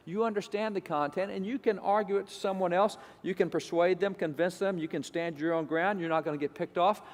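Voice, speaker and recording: A man's voice: a little high, big-room sound. A man giving an emphatic, repetitive lecture to an audience. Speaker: speaker.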